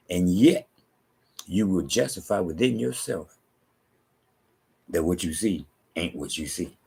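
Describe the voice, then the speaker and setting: A man preaching a monologue, reading scripture aloud and repeating his points emphatically, often dropping to hushed asides. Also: sits low, lively intonation, a little slow, gravelly, pauses often, breathy edge.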